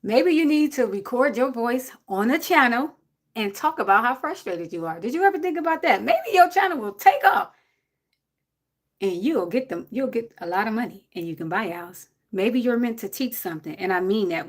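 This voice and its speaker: A woman's voice: a little high, sing-song, normal speed. A woman, giving blunt, preachy advice to a viewer on a casual livestream. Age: 40s.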